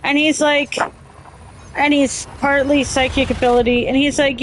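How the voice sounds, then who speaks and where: A woman's voice: high voice, flat delivery, moderate pace, slight background noise. A woman co-hosting a casual chat, asking eager, playful questions and reading out viewer comments. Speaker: co-host. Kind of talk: casual chat with live chat readers.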